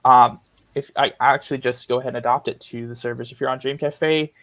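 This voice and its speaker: A man's voice: medium pitch, steady tone, brisk, fairly bright tone, no room sound, rough recording. A man hosting a casual live-stream Q&A, joking and often stumbling and repeating words as he talks. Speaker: host of lucid dreaming Q&A stream.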